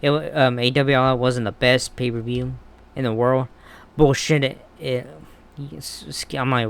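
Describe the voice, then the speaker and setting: A man with a smooth, resonant voice at an ordinary middle pitch, ranting in a casual wrestling commentary vlog. He is blunt and heated, swearing freely as he talks. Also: fairly even intonation, measured pace, long pauses.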